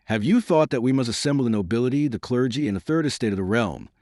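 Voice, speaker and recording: A man's voice: mid-range voice, lively intonation, fast, darkish tone, dry recording, studio quality, pitched above the performer's own voice, lightly acted. A man voicing a shaken royal superintendent who speaks in urgent, alarmed protest. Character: agitated male royal superintendent, middle-aged, shaken.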